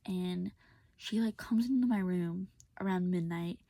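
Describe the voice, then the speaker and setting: A woman's voice: fairly low pitch, unhurried, mellow, dry recording. A young woman telling a personal story in a rambling, casual way with lots of filler words, often half-whispered, recorded on a phone. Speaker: vlogger.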